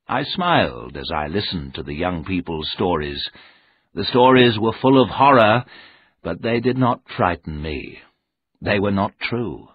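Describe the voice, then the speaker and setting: A man narrating a story aloud in a slow, expressive read. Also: low voice, slightly rough, dry recording. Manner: slow, expressive, with lively rise and fall. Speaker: audiobook narrator. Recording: narrow tinny sound.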